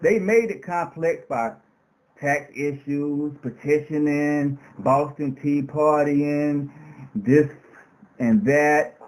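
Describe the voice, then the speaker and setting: A man with a notably high speaking voice gives an impassioned radio interview. He sounds like a preacher, stacking emphatic repetitions and rhetorical questions one after another as he drives his point home. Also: slow, darkish tone, low-quality recording. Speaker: interview guest.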